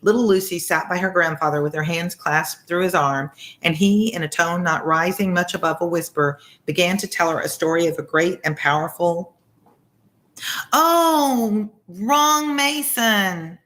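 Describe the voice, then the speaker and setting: A woman's voice: on the low side, steady tone, a little fast, few pauses. A woman, a former teacher, reading a novel aloud and breaking off for chatty asides. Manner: chatty, warm-hearted asides, easily sidetracked. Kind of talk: casual read-aloud with asides.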